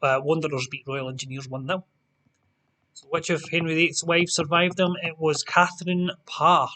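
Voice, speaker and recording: A man's voice: on the high side, little pitch movement, normal speed, pushed and bright. A Scottish man hosting an online pub quiz, reading out answers with chatty, jokey asides to the players. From Scotland.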